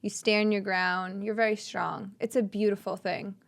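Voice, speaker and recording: A woman's voice: medium pitch, little pitch movement, normal speed, gravelly, slight background noise. A young woman co-hosting a candid faith podcast, supportive and teasing in a playful way. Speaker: podcast co-host.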